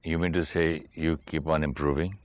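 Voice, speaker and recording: A man's voice: very deep voice, level tone, normal speed, a little mellow. A man, a talk show host asking probing follow-up questions. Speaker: interviewer host.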